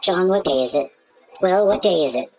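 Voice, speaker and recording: A woman's voice: fairly low pitch, animated, normal speed, slightly rough, low-quality recording. A woman playing a concerned wife in a scripted comedy sketch, earnestly explaining herself to her husband. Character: devoted, puzzled wife in a skit.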